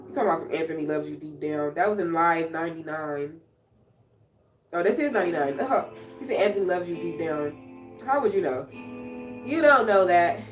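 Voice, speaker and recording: Feeling unwell, a woman runs a relaxed home livestream, talking and responding aloud to viewer comments. Her voice is low and animated at a normal speed. The room echoes, music plays, and she sits far from the microphone.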